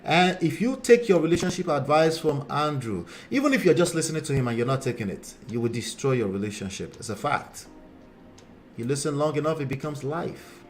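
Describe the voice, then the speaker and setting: A man's voice: a little high, sing-song, brisk, soft background music. Blunt Nigerian man chatting on a live stream. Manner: blunt, conversational, calls out viewers and 'gentlemen' directly. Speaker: relationship coach and live-stream host. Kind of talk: casual live-stream commentary reading viewer comments.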